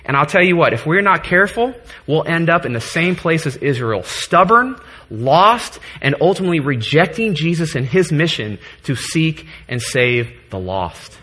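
Earnest preacher man with a bright, husky voice. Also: on the high side, very animated, normal speed. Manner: earnest, gets choked up, jokes with the congregation. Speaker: pastor. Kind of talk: sermon. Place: church.

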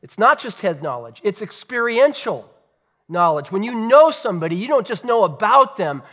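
A man, a pastor, preaching a sermon earnestly, with rhetorical questions and dramatic pauses. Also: sits high, very animated, fairly bright tone.

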